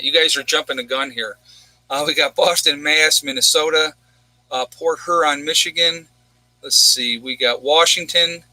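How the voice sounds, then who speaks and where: Bright, sharp-voiced man on a livestream. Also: on the high side, no echo, poor audio. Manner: rambling and conversational, often saying "you know" and "okay?"; reads viewers' locations off a list. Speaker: livestream host. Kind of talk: casual livestream chat.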